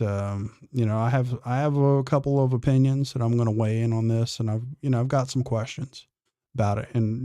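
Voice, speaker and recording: A man's voice: medium pitch, dark tone, no room sound, clean studio sound. A man hosting a casual livestream, reading chat comments and giving blunt, profane, defiant opinions while drawling through restarts. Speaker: livestream host.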